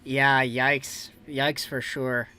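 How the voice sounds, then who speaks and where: A man calling hockey play-by-play on his own livestream, excitable and jumping up loud on big saves. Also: mid-range voice, extremely slow, clear, resonant tone. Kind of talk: play-by-play commentary.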